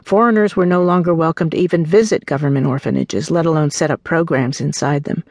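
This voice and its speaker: A woman narrating her own memoir as an audiobook, telling the story in an earnest, warm way and voicing the people in it. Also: deep voice, brisk, few pauses, dry recording.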